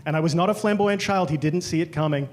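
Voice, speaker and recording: A high-pitched Australian man performs stand-up from a comedy club stage. He tells animated stories and slips into exaggerated voices to quote people. A faint room hum sits under his voice. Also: fast talker. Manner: animated storytelling, quoting others in exaggerated voices.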